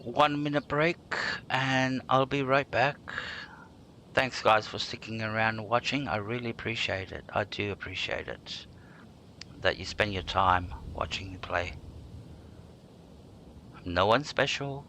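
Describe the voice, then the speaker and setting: A man's voice: fairly low pitch, a little slow, long pauses, sharp tone, slight background noise. A man streaming a video game, chatting casually and rambling, swearing freely and chuckling at himself. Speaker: gaming streamer. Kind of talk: casual gameplay commentary.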